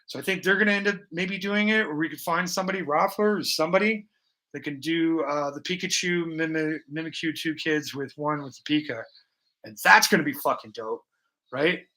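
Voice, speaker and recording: A man chatting loosely with viewers at the end of a live stream. He rambles, swears freely and drifts between ideas. His voice sits a little high and rings bright. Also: low-quality recording. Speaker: livestream host. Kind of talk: casual live-stream chat.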